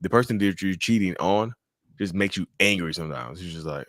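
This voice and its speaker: Male podcast host, deep voice, rapid blunt talker, dry recording. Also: lively intonation, a bit bright, no echo. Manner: blunt, quick reactions with cursing. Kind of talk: casual podcast chat.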